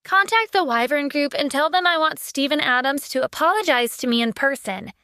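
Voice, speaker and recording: A woman's voice: high-pitched, fairly quick, bright, forceful tone, no room sound, clean studio sound, voice pushed up. A woman voicing a spoiled, arrogant celebrity influencer in an audio drama, speaking with haughty scorn. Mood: scornful. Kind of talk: audiobook character voice.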